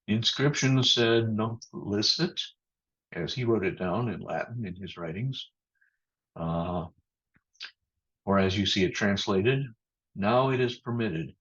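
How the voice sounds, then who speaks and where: A pastor preaches in a measured, thoughtful way, pausing and restarting as he goes. His husky voice sits a little low and is a bit bright. The sound is muffled, like a video call.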